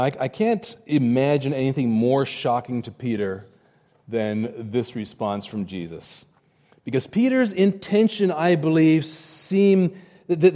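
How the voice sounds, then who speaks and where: A man's voice: on the high side, warm tone, long reverb tail. A man preaching a sermon in a conversational way, acting out quotes and often restarting his words. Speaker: pastor.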